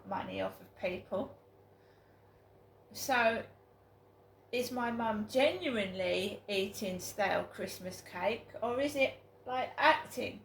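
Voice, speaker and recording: A woman's voice: a little high, gravelly. A British woman vlogging to camera in a rambling, aggrieved way, repeating herself for emphasis. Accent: British English. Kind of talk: casual vlog monologue. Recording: echoey room with faint ambient noise.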